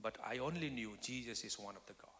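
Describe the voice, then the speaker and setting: Man, guest preacher, bright forceful tone, testimony sermon swinging between loud and whispered, church hall reverb. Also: mid-range voice, fast. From Nepal. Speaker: guest speaker.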